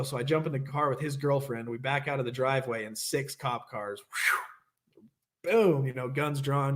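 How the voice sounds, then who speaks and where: A man's voice: medium pitch, normal speed, a little hiss or hum. A young adult man hosting an online recovery meeting, candidly telling a rambling story and acting out what people said. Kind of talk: casual storytelling share.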